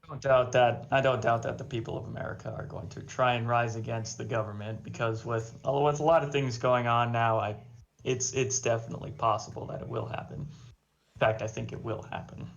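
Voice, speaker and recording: A man's voice: medium pitch, steady tone, brisk, gravelly. A man chatting casually as co-host of a reaction video, rambling with lots of fillers. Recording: lo-fi dull sound.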